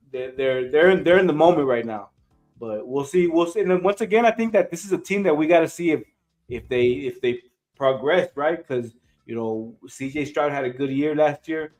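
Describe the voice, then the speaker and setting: A man's voice: medium pitch, a little mellow. A man in a casual sports chat, easygoing and full of fillers.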